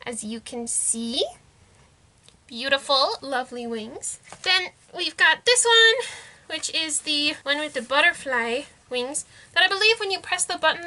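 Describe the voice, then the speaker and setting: A woman's voice: high voice, pushed and bright. A young woman in a casual haul vlog, bubbly and giggly, gushing over toys she found. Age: young adult. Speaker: vlogger.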